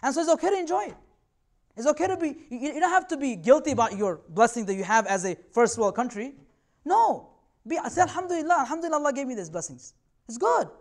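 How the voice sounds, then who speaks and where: A man's voice: very high-pitched, big pitch swings, brisk, vocal fry. Guy giving a talk to students, earnest, chatty, reassuring. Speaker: invited speaker.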